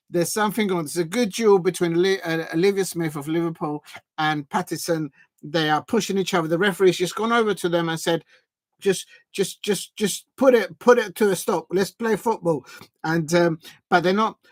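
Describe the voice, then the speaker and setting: A man's voice: sits high, no echo. A man hosting a live fan watch-along, commentating casually with many fillers and restarts and chatting with viewers. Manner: chatty, reads out and thanks viewers. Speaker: fan stream host.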